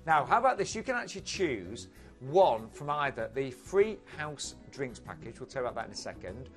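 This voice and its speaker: Man co-presenting cruise deals, lively, mid-pitched, soft music behind. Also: brisk. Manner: lively, laughs easily, reads out deals. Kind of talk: sales presentation.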